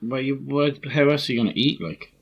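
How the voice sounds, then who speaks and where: A man's voice: medium pitch, a little fast, gravelly, lo-fi sound. A man co-hosting a casual podcast, laid-back and rambling, ending lines with "like". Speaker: podcast co-host. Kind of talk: casual chat.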